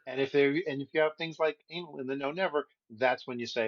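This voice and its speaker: A man's voice: mid-range voice, fast, no echo, muffled recording. A man co-hosting a podcast in casual chat, blunt and crude with a jokey edge. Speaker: podcast co-host. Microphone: remote call setup.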